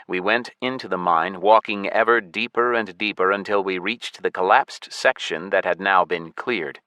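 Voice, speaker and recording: Man, audiobook narrator, steady storytelling, deep voice, crisp bright tone. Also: normal speed, no room sound. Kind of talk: first-person audiobook narration.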